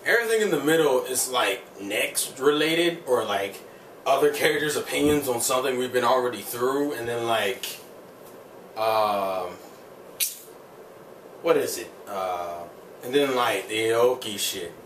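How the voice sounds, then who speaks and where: This male vlogger rambles through a heated, profane episode review, packing his rant with "like." His mid-range voice is fairly bright, lively in intonation and unhurried. A distant mic gives the recording a roomy sound with faint ambient room noise.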